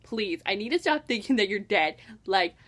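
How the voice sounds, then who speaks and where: A young woman excitedly reviewing a book in a casual vlog, gushing and acting out her own reactions. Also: mid-range voice, moderate pace. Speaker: book vlogger.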